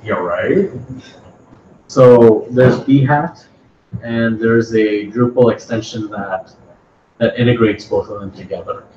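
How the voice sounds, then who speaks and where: A man with a fairly low voice talks through a technical topic for a small meetup, hesitant and doubling back on his words. He sounds distant from the microphone in an echoey room, and the recording is dull with faint noise behind him. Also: takes it slowly, pauses often, warm tone. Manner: hesitant, repeats words, unprepared. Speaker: meetup presenter. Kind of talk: casual technical talk.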